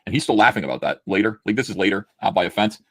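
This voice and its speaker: A man's voice: lowish voice, rapid-fire, no echo. A man casually reviewing a comic book, reading its dialogue aloud in a sardonic, mocking way. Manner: sardonic, mocking, reads quotes in flat deadpan.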